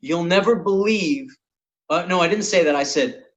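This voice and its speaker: A podcast host and comedian tells a long comic anecdote in casual, profane chat, animated and swearing freely. His voice sits high at a normal pace, and the audio is dull.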